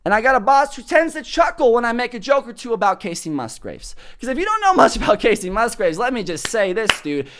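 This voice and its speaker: A man hosting a comedy podcast, telling stories in a loud, prominent voice that carries, with plenty of cursing. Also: extremely high pitch, brisk, few pauses. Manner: animated storytelling with cursing. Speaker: podcast host. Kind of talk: comedic monologue. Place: studio.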